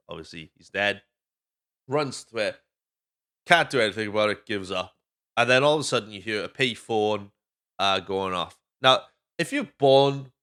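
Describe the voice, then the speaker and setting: This Welsh man hosts a podcast movie recap, talking casually, cursing freely, and drifting off topic. His lowish voice sounds pushed and bright yet smooth.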